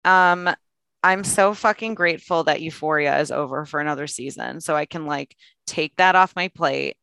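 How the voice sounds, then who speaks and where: A woman's voice: sits low, normal speed, creaky, a bit bright, clear, resonant tone, no room sound. A young woman co-hosting a podcast, chatting and teasing her co-host. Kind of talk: casual chat.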